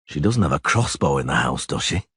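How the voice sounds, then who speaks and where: A man's voice: a bass voice, big pitch swings, brisk, fairly bright tone, husky, no room sound, pitched below the performer's own voice, full character voice. A man voicing a terse, weary monster hunter who speaks in clipped, dry lines in an audiobook. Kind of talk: audiobook character voice.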